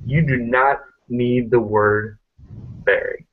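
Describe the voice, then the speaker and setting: A man's voice: medium pitch, steady tone, slow pace. A man hosting a casual online group chat, making his points emphatically and repeating them, often tagging "man" on the end. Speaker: host of an online hangout. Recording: muffled lo-fi web call audio.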